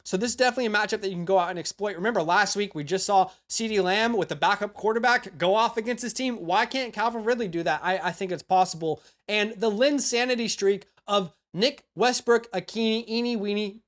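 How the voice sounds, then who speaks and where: A man's voice: sits high, fairly bright tone. A man hosting a fantasy football show, talking through picks in a loose, chatty way with lots of asides to the viewer. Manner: chatty, frequent "you know" and "all right?" asides. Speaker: fantasy football analyst host. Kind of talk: casual scripted-free sports analysis.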